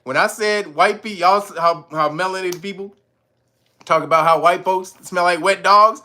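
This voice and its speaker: A man's voice: high voice, normal speed. A man hosting a livestream, reacting to news in casual slang and laughing often. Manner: laughs a lot, slangy, animated. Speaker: livestream host.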